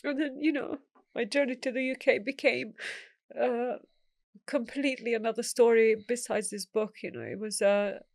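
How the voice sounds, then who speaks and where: A woman's voice: on the high side, steady tone, normal speed, vocal fry, darkish tone, no room sound, studio quality. A middle-aged woman, a guest telling her life story in an interview, acting out the voices of the people she quotes.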